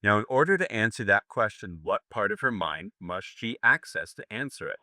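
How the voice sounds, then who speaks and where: A man's voice: fairly low pitch, animated, normal speed, bright, forceful tone, no echo. An older American man giving a live seminar lecture, brash and profane, joking with his audience. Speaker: seminar instructor.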